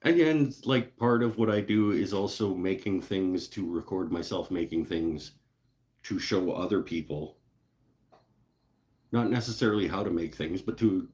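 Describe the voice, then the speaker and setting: A man's voice: low-pitched, a little slow, a little mellow. A man hosting a woodworking live show, chatting in a rambling, laid-back way with casual swearing. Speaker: woodworking channel host. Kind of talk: casual live-stream chat.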